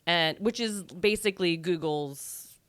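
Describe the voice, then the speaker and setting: Woman co-host, lower pitched, loose chatty delivery, dry close sound. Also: a little slow, no echo. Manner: chatty, fills speech with "like". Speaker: podcast co-host. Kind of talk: casual chat about video games.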